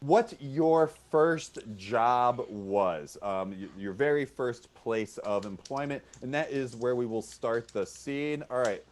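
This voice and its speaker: A man's voice: medium pitch, slow pace, few pauses. A man hosting an online improv comedy game, upbeat, repeating the audience suggestions back and calling out the rules over a video call. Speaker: referee and host of an improv show.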